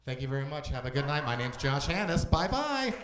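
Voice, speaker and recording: A man's voice: mid-range voice, sing-song, brisk, reverberant. A man closing his stand-up set on a comedy club stage, drawing out his punchlines.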